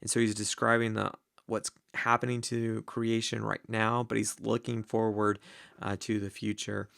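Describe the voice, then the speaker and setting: A man teaching the Greek grammar of a Bible passage, slow and deliberate, with many ums and uhs. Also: fairly low pitch, completely flat delivery, gravelly, fairly bright tone, no room sound, studio quality.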